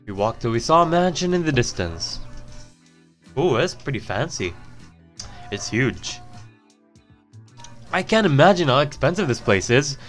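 Animated man playing a game. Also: medium pitch, a little slow, pauses often, faint music behind. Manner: animated, joking, exclaiming. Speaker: gaming video host. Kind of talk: let's play, reading game text aloud and reacting.

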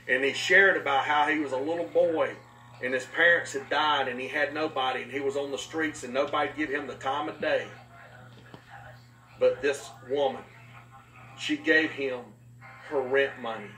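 A man preaching a sermon as a pastor, telling a story with voiced quotes in an animated way. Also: mid-range voice. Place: live-streamed talk. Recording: echoey room from far off, faint noise.

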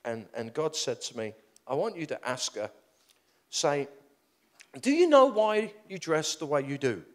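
Here a middle-aged man delivers a story-driven sermon in a slightly high voice, speaking a little slowly. He's animated and jokes at his own expense, with a rambling style full of restarts.

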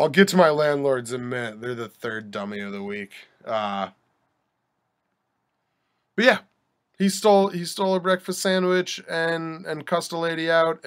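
With a slightly high, fairly bright voice, a young man hosting a podcast meanders through a story. He's wry and jokey, repeatedly starting over and wandering into asides in this casual monologue.

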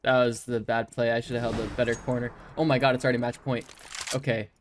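A man giving excited live gameplay commentary, yelping and swearing whenever something surprises him. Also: medium pitch, quick pace, slight background noise. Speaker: gaming streamer. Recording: loud game gunfire under voice.

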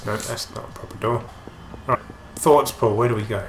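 A man's voice: mid-range voice, normal speed, creaky, pauses often, reverberant, a little hiss or hum. A man hosting a let's play, trading dry, teasing banter in casual gameplay commentary.

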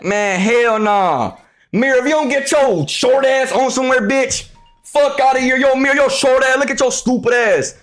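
Young male streamer, high-voiced, brash and profane, yells at chat constantly. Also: moderate pace, faint music behind. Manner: loud, profane, trash-talking, often shouting. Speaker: live streamer. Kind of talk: hyped live-stream chat with viewers.

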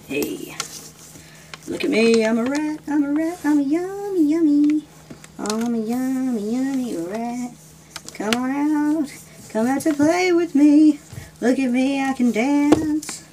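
A man's voice: very high voice, slow pace, noisy background. A man voicing a plump, eager pet rat that coaxes a snake to eat it, in a sing-song voice. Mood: coaxing. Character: chubby pleading pet-food rat, eager to be eaten.

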